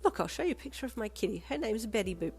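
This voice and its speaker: A gentle, motherly shop lady with a raised, soft voice that comforts and soothes, as a woman reader puts her on. She sounds caring and tender, speaking quietly in an audio story. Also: fairly high pitch, expressive, racing, creaky, soft background music, pitched above the performer's own voice. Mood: warm.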